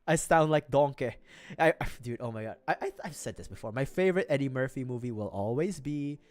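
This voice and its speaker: A man's voice: mid-range voice, lively intonation, a little fast, no echo. A young man from the Philippines with a Filipino accent, chatting on a casual livestream, rambling, swearing freely and laughing often. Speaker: streamer.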